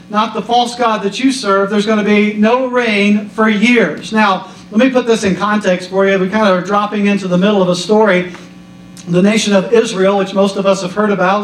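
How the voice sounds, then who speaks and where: A male pastor in his thirties or forties giving a casual, story-driven sermon to his church. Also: high voice. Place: church hall. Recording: roomy echo from a distance.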